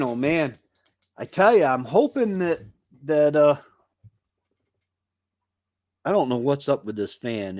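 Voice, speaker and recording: A man's voice: medium pitch, a little mellow, no echo. A man hosting a casual live stream, rambling and chatty as he greets viewers by name from his home.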